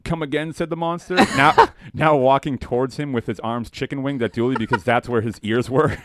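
A man hosting a podcast, reading a dark comedic story aloud with animated quoted voices and laughing at his own jokes. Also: medium pitch, fairly quick, no echo.

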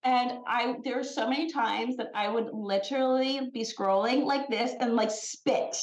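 Speaking at a moderate pace in a slightly high voice, the founder of a skincare brand, a woman, guests on a podcast for a casual conversation. She's an animated storyteller who acts out quotes. The recording is reverberant, with poor audio.

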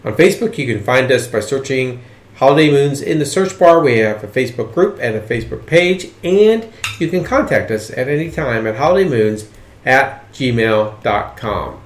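A man hosting a podcast, reading out dates and sign-offs in a steady, plain way. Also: mid-range voice, moderate pace, roomy sound. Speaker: podcast host. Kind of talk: casual chat and reading out listings.

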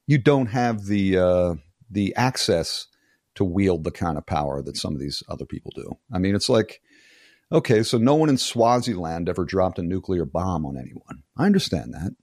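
Low-voiced, blunt, profane older man. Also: darkish tone, husky, dry recording, studio quality. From United States. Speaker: guest. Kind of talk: casual conversational interview.

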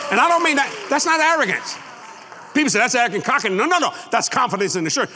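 A man's voice: very high-pitched, very animated, quick pace, crowd noise, background noise. A man preaching a sermon, folksy and boastful, laughing at his own lines. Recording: long hall reverb.

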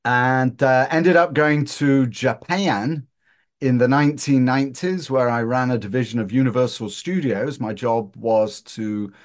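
A man's voice: mid-range voice, unhurried. Joking Northern English man, guest. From Northern England. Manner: joking, self-deprecating storyteller. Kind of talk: casual interview chat.

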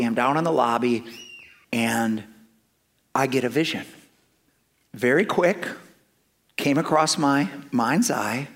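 A middle-aged man preaching a sermon, telling personal stories with lively swings from loud emphasis to hushed asides. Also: medium pitch. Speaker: pastor.

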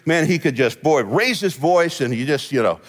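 A man's voice: on the high side, lively intonation, normal speed. A middle-aged man, a senior pastor, preaching a conversational sermon in a church, folksy and storytelling, laughing often. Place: church sanctuary. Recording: long hall reverb.

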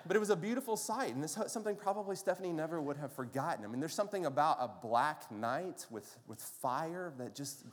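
Pastor preaching in an echoing hall. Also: male voice, a little high, animated, fast, few pauses. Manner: conversational storytelling with rhetorical questions. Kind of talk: sermon. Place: church sanctuary. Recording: long reverb of a large hall.

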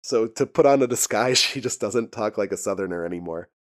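A man's voice: lowish voice, fairly quick. A man casually recapping a TV episode, rambling and laughing often, with frequent profanity. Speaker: podcast host recapping a TV episode. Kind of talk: casual chat.

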